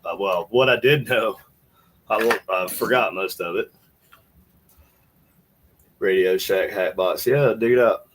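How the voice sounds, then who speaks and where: A man's voice: on the low side, measured pace, pauses often, fairly bright tone. A man hosting a podcast, thinking aloud in casual commentary as he plays clips, rambling with restarts. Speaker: podcast host.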